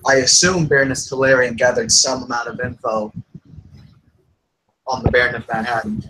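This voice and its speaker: A man playing in a tabletop game, haltingly describing what his character does. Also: mid-range voice, steady tone, background noise. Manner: halting with fillers. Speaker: tabletop player.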